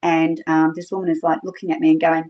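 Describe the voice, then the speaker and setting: A woman's voice: deep voice, level tone, quick pace. A middle-aged Australian woman, a podcast guest, chattily retelling her experiences with lots of fillers and quoted dialogue. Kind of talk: casual storytelling. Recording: dull lo-fi podcast recording.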